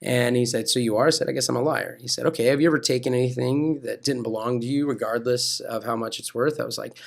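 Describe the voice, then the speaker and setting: Gravelly-voiced American man telling a story. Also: mid-range voice, quick pace. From California. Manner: animated storytelling that acts out quoted dialogue; preaching tone. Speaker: pastor and wrestling coach, guest. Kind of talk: telling a personal faith story.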